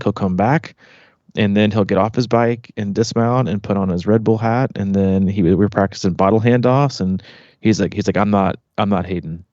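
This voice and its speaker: A man's voice: fairly low pitch, darkish tone, dry recording. A man in his thirties hosting a triathlon podcast, telling a story in a rambling way, full of "like" and "you know". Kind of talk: casual storytelling chat. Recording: slightly muffled, dry sound.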